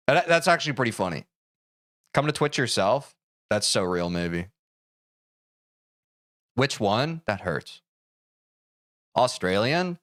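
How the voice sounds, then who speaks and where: A male streamer talking casually with his chat, with lots of movement in his pitch. He sounds animated, jokey and self-deprecating as he responds to messages. The recording is dry and close, with little room sound. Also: moderate pace, long pauses, dry recording.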